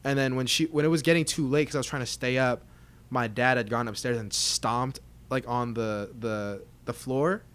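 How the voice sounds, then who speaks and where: A young man co-hosting a casual podcast chat, telling stories in a slangy, profane, animated way. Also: mid-range voice, moderate pace, clean tone. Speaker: podcast co-host.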